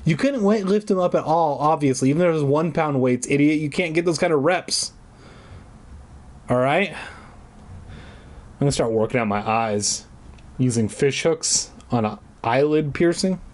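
A man's voice: on the high side, measured pace, pauses often, darkish tone. A man reading a children's horror book aloud, breaking off for profane, sarcastic asides. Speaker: reader. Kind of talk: casual read-aloud with comic asides.

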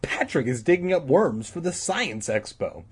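A man voicing a smug, taunting schoolgirl who teases her brother, with a husky tone pushed up high. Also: sing-song, moderate pace, full character voice. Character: smug teasing girl, schoolboy's sister.

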